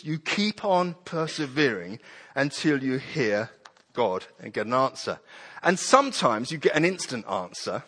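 Guy preaching, lively, does little voices, slightly high voice, echoey church hall. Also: slightly rough. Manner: animated, acts out prayers and children's voices. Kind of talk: sermon.

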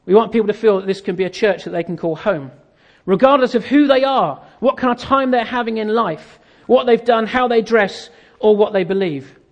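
Pastor guy, high voice, acting out a story with jokes, people laughing. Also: normal speed, vocal fry, muffled recording. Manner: animated, acts out dialogue, self-deprecating humor. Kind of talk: sermon with storytelling. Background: audience laughter.

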